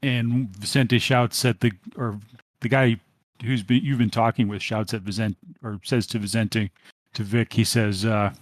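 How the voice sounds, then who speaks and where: A man's voice: fairly low pitch, steady tone, moderate pace, no echo. A man narrating as game master, rambling with many fillers.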